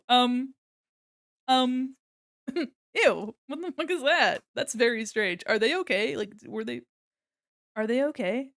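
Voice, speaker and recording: A young woman chatting casually on a livestream while she draws, swearing freely, laughing often and softly singing along. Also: on the high side, animated, moderate pace, no echo, studio quality. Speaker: streamer.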